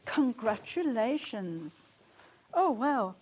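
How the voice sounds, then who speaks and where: Chatty lady on a shopping channel, bit high, gasps and giggles a lot. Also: very slow, slight background noise. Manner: excitable, chatty, frequent gasps and laughter. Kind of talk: live sales presentation. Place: TV studio.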